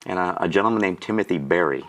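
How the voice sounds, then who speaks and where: Low-voiced guest in his 60s, emotional testimony storyteller who chokes up. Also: quick pace, fairly bright tone. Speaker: guest auctioneer.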